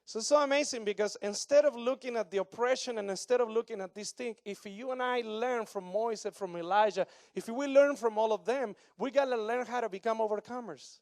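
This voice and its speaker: A man in his thirties from Argentina, preaching a sermon with an Argentine Spanish accent in broken English, animated and joking with the congregation. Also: extremely high pitch, a little fast, hardly any pauses, no room sound, clean studio sound. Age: 30s. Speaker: pastor.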